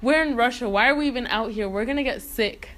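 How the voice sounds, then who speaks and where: A woman voicing Rasputin as a cocky, flirtatious male mystic, with a boastful, exaggerated comic delivery. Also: a little high, fast talker, fairly bright tone, close to an everyday voice.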